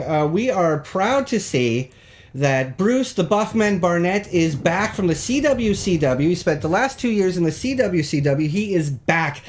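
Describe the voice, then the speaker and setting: A man hosting a live call-in show, reading mock local news in a rambling, deadpan, jokey way that stumbles over words. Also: high voice, measured pace, faint music behind.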